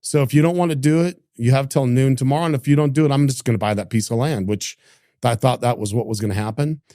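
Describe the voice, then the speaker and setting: Middle-aged man telling a story in a mellow voice. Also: mid-range voice, quick pace, dry recording, studio quality. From Idaho, United States. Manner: animated, acts out quoted dialogue, frequent restarts. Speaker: entrepreneur guest. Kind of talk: casual storytelling conversation.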